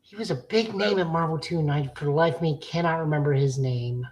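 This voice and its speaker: A woman's voice: low-pitched, fairly quick, a little mellow, poor audio. A woman co-hosting a podcast, giving opinionated casual takes with lots of fillers. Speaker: podcast co-host. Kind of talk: casual chat reviewing comics.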